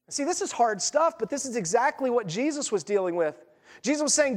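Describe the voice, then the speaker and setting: A male pastor preaching a sermon in an animated, conversational way, firing off rhetorical questions and acting out the story. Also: very high-pitched, fast. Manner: acts out story voices. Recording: long reverb in a church hall.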